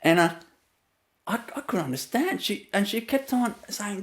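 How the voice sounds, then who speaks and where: A man from Vietnam with a Vietnamese accent, a spiritual teacher telling a personal story, laughing often between phrases and pausing on fillers. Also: high voice, very animated.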